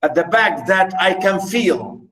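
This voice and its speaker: A man's voice: high-pitched, big pitch swings, a bit bright, roomy sound, far from the mic, exaggerated voice. A man doing a longing young wife. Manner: pleading, slow and lifted.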